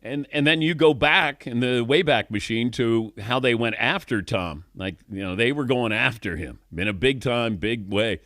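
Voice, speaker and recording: A man's voice: mid-range voice, normal speed, few pauses, fairly bright tone, no echo, clean studio sound. A middle-aged man hosting a sports talk radio show, wry and questioning, chuckling often. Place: radio studio.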